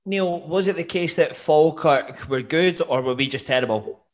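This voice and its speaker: A man with a voice on the high side hosts a football podcast at normal speed. His casual chat is jokey and chatty, full of fillers and restarts.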